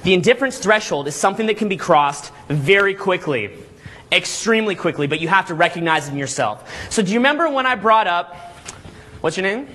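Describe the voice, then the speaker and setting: High-voiced energetic male seminar coach. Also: fairly quick. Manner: animated, energetic, audience questions. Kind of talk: live seminar teaching. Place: seminar room with live audience.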